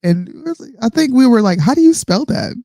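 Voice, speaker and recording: A woman with a North Carolina accent co-hosting a casual live-stream chat, slangy and quick to laugh. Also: fairly high pitch, dry recording, clean studio sound. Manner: laughs easily, slangy, relaxed. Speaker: co-host.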